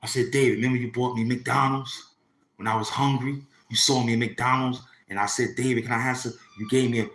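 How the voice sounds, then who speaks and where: A man's voice: mid-range voice, steady tone, fairly quick, a bit bright. New guy rambling through a story, slangy, keeps looping back, roomy echoey sound. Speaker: YouTuber telling a personal story. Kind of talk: casual storytelling.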